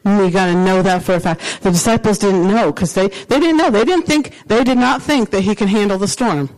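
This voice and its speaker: A woman's voice: medium pitch, fairly quick, darkish tone, poor audio. A woman pastor preaching a sermon in an emphatic, repetitive way, circling back to the same phrases.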